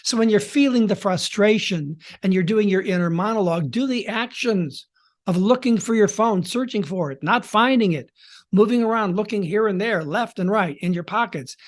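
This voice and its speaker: A man hosting a podcast as a storytelling coach, teaching in a theatrical way with dramatic pauses and shifts in tempo and volume. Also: high-pitched.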